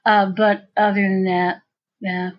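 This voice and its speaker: A woman's voice: mid-range voice, level tone, unhurried. A woman in casual conversation, chatty and rambling, often restarting her sentences. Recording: dull lo-fi sound.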